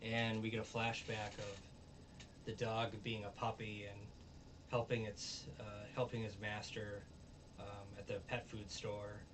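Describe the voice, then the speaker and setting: A man's voice: on the low side, little pitch movement, measured pace, noisy background. Rambling man recapping an episode, far from mic. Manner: rambling, filler-heavy, acts out quotes. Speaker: show reviewer. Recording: voice distant from the mic.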